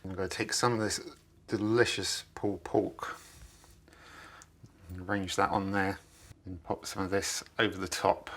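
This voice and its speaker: A man's voice: sits low, level tone, measured pace, pauses often, fairly bright tone. A man, chatting enthusiastically while he cooks in his home kitchen for a video. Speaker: cooking vlogger. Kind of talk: casual cooking demonstration.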